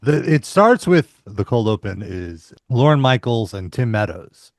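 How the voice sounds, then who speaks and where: Podcast guy recapping the episode, pitch bouncing around, dry mic. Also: big pitch swings, unhurried, dry recording. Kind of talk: summarizing an episode.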